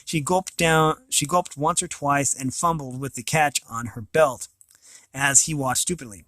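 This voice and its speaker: Man reading a novel aloud, slightly high voice, dry close sound, small slips and restarts. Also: measured pace, pushed and bright, no echo. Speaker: reader of an audiobook.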